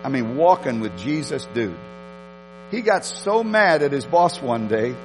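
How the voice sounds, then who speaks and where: A man preaching a sermon, telling a story with emphatic repetitions and animated delivery. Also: mid-range voice, unhurried, in a large hall, slight background noise, low-quality recording. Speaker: pastor.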